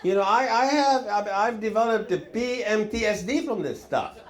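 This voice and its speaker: Male stand-up comic, high voice, rambling and chuckly, lots of halting pauses. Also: lively intonation. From Lebanon. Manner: rambling, chuckling through lines, many hesitations. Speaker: stand-up comedian. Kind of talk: stand-up routine.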